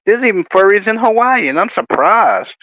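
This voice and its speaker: A man's voice: high-pitched, very animated, normal speed, no room sound. A man hosting a casual livestream, rambling through jokey stories with chuckles. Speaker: livestream host. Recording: dry, muffled lo-fi audio.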